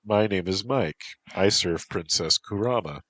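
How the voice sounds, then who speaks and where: A man's voice: low-pitched, measured pace, a bit bright, no echo, pitched above the performer's own voice. A man reading a polite young man servant.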